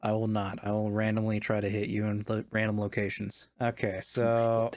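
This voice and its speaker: A man's voice: on the low side, monotone, normal speed, darkish tone, dry recording, clean studio sound. A man as game master, casually narrating combat and explaining the rules.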